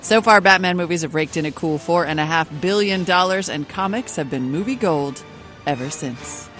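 A radio host delivering scripted narration in a smooth, measured way. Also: mid-range voice, fairly bright tone, faint music behind.

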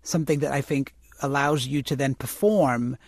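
A man being interviewed about his acting career, talking reflectively and correcting himself as he goes, turning lively when he tells stories. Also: medium pitch, normal speed, no echo, studio quality. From United States, immigrant family. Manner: thoughtful, self-correcting, animated when recounting stories. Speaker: interview guest, actor and author.

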